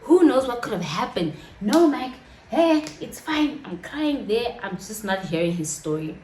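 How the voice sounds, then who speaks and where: Young woman, higher voice, dramatic storytime vlogger who swears freely, roomy echo. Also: sing-song, measured pace, a little mellow, slight background noise. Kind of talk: casual storytelling.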